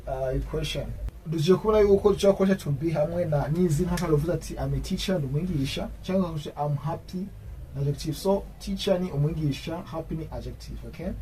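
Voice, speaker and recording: A man teaching an English grammar lesson, explaining in his own language and repeating English example sentences slowly. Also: fairly high pitch, warm tone, recorded from a distance, slight background noise, low-quality recording.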